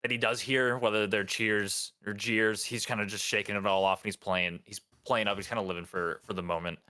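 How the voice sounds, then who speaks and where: A man with a lower voice and a bright, forceful edge narrates a tabletop game as dungeon master. He talks haltingly, full of ums and restarts. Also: fairly even intonation.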